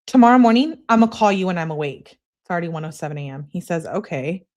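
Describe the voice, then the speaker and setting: A woman hosting a live stream, reading text messages aloud in an animated way and breaking in with wry asides. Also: sits low, fast talker.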